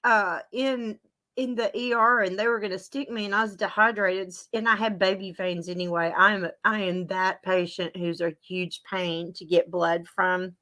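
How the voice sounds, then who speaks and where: A woman's voice: mid-range voice, steady tone, moderate pace, sharp tone. Chatty woman telling a story. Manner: chatty storytelling, reading viewer comments aloud. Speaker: show host. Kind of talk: casual chat to a live audience.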